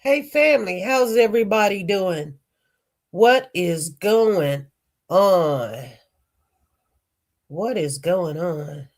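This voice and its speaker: A livestream host with a medium-pitched, animated voice chats casually with viewers, greeting them by name. Congested from a cold, they speak slowly, pause often, and ramble from one topic to another.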